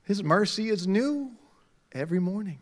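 A middle-aged male pastor preaching a sermon, swinging from quiet talk to loud shouts. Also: high-pitched, expressive, normal speed.

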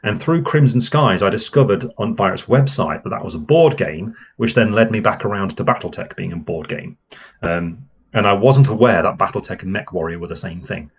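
A man's voice: fairly low pitch, expressive, fairly quick, slightly rough, lo-fi sound. A man, a podcast guest chatting enthusiastically with lots of fillers. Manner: rambling and enthusiastic, many fillers. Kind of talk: casual podcast chat.

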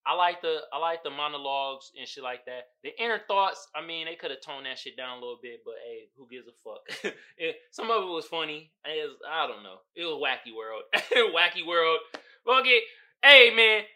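A man's voice: a little high, brisk. A young man hosting a podcast, recapping a show in loose, profane casual chat and putting on voices for its characters. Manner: profane, animated recapping with quoted voices and laughter. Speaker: podcast host.

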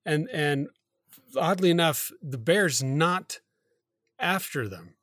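Casual podcast co-host, male, slightly higher voice, rambling storyteller, dry close sound. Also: lively intonation, fairly bright tone, no echo. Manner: rambling, halting retelling with many fillers and self-corrections.

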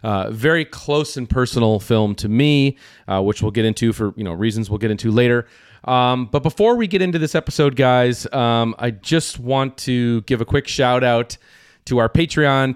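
A man's voice: mid-range voice, clean tone, no room sound, studio quality. A man hosting a film podcast in casual chat, loose and profane, who laughs often and restarts his sentences. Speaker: podcast host.

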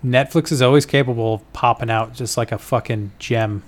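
A man's voice: mid-range voice, fairly even intonation, normal speed. Casual swearing podcast co-host man. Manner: loose and profane, lots of "like". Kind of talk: casual chat.

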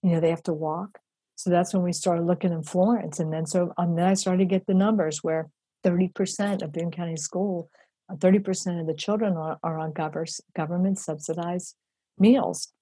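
A middle-aged woman telling a personal story in an animated way, acting out the voices she quotes and using many fillers. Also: fairly low pitch, moderate pace, husky, no echo. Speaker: charity founder telling her story.

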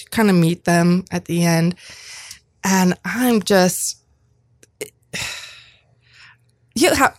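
A woman's voice: medium pitch, no echo, clean studio sound. A woman in her fifties, an interview guest telling a personal story in conversation, earnest, often restarting and repeating herself. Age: 50s. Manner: earnest, with frequent restarts and repetitions.

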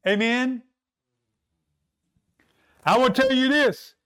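A preacher delivers a sermon slowly and emphatically, his very high voice still smooth and resonant. He relies on rhetorical questions and long dramatic pauses, at times dropping into a softer, more intimate tone.

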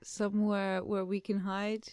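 A woman playing in a tabletop game, asking quick, practical questions. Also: medium pitch, monotone, darkish tone, smooth, dry recording, clean studio sound. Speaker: player.

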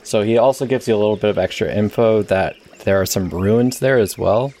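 Man, game master, low voice, relaxed tabletop narration. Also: fairly quick, slight background noise.

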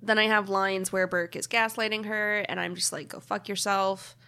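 A woman's voice: medium pitch, fairly even intonation, moderate pace, bright, forceful tone, clean tone. A woman co-hosting a podcast, chatting casually, joking and reading from her notes. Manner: laughing, joking, reads from notes. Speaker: podcast co-host. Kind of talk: casual chat.

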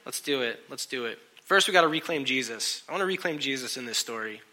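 A man preaching a sermon in a lively, joking way, often asking his listeners questions. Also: medium pitch, fast. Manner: animated, joking, asks the crowd questions. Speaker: pastor.

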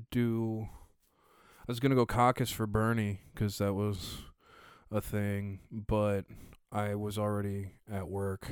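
Smooth-voiced young man, casual chat. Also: lowish voice, darkish tone, no echo, studio quality. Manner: loose, jokey, swearing.

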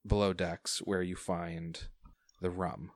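A man runs a tabletop game as its game master, his voice sitting a little low. He describes the action in an easy, chuckling way, and the sound is dry with no room around it. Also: little pitch movement, slow pace, no room sound. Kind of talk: running a tabletop game over chat.

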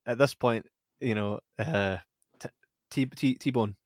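A man's voice: medium pitch, slow, dry recording, studio quality. A man co-hosting a podcast, chatting casually about a film and laughing often as he retells scenes. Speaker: podcast co-host.

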